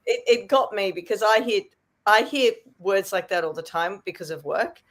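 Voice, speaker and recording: A woman co-hosting a casual podcast chat, animated and quoting others as she tells stories over a video call. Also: mid-range voice, moderate pace. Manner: animated storyteller, quotes others.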